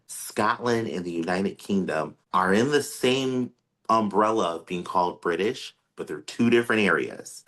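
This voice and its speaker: A man from the United States co-hosting a podcast, telling stories in casual chat with lively emphasis. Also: low voice. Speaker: podcast co-host.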